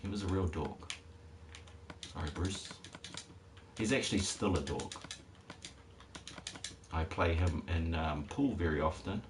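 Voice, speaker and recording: A man with a very deep voice streams a game, rambling and tossing jokey asides to his chat. The recording carries a steady noisy hiss with keyboard typing behind. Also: a little slow, long pauses. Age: adult parent. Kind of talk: casual live-stream commentary.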